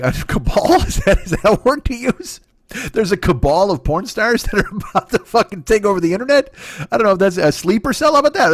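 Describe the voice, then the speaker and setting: A man in his forties rattles through a crude solo comedy riff at a quick clip. He keeps cutting himself off and tossing in brief silly voices. The sound is dry and close, with no room around it. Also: fairly high pitch, no echo. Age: 40s. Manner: rambling, crude, self-interrupting, acts out quick voices. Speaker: comedy podcast host. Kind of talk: solo comic monologue.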